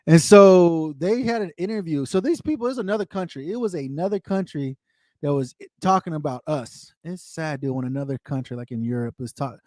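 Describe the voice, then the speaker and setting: A man's voice: a little high, a little fast, a little mellow, no echo, clean studio sound. An American man hosting a casual livestream, ranting with profanity and answering viewer comments in a frustrated tone. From United States. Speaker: livestream host.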